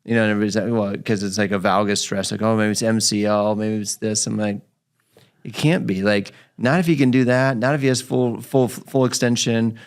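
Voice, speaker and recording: A man with a fairly low voice tells a story from his clinic in relaxed podcast chat. He slips into his patient's voice for quoted lines and keeps the telling lively. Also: brisk, clean tone. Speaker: physical therapist podcast host.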